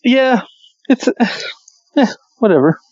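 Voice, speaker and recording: A high-voiced man in a casual movie podcast, laid-back and quick to laugh, with plenty of swearing. The sound is dry and somewhat muffled. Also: lively intonation, darkish tone, no echo. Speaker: podcast co-host. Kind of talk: casual movie review chat.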